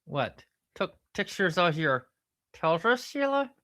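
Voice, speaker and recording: A woman's voice: fairly low pitch, very animated, slow pace, a bit bright, exaggerated voice. A woman voicing a cheeky male puppet sidekick who teases and pesters her. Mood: shocked. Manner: squeals the name "Sheila" in a mocking tone. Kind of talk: comedy puppet act.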